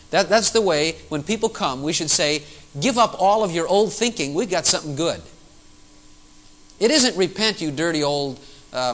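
A male pastor preaching a sermon to his congregation, animated and full of rhetorical questions. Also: fairly high pitch, poor audio.

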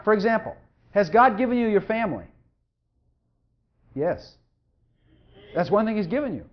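A pastor preaching a sermon, emphatic and repetitive, hammering each point home and sometimes mumbling quietly while looking something up. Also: mid-range voice, sing-song, normal speed. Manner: drops to quiet mumbling when searching for a verse. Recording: dull lo-fi recording.

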